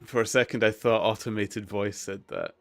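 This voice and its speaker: A man's voice: on the low side, steady tone, normal speed, gravelly, no echo, soft background music. A man chatting casually on a live stream, playful and rambling as he talks with viewers.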